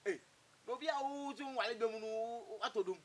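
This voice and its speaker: A Ghanaian man acting in a comedy film, talking back quickly and insistently. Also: very high voice, a bit bright. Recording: background noise.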